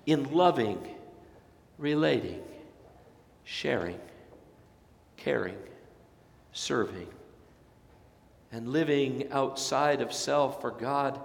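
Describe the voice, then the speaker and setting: A man preaching a sermon as pastor, swelling to loud emphatic peaks and dropping soft again, with folksy storytelling asides. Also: on the high side, creaky. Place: church sanctuary. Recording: long church reverb.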